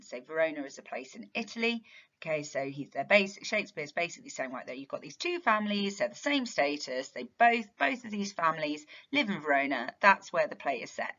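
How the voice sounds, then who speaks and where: A woman with a fairly low voice teaches English literature in a revision tutorial. She explains step by step and poses rhetorical questions to the viewer. The recording sounds a little dull and lo-fi. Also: sing-song, moderate pace, fairly bright tone.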